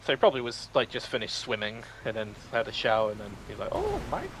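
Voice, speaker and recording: A man's voice: lowish voice, steady tone, fast, background noise. A man on a gaming stream, eagerly arguing lore points, swearing casually and laughing as he talks. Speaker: co-player on stream.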